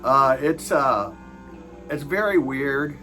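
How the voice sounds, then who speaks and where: A man's voice: medium pitch, lively intonation, takes it slowly, over loud music, rough recording. A man giving a casual movie review, hesitant and full of filler sounds.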